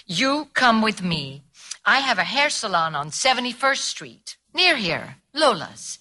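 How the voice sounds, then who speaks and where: A woman's voice: on the high side, very animated, a little slow, pushed and bright, heavily acted. An actress playing a kind, motherly salon owner who mixes Spanish into her English. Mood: kindly. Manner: kindly, persuasive, mixes Spanish words. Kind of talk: comedy drama acting.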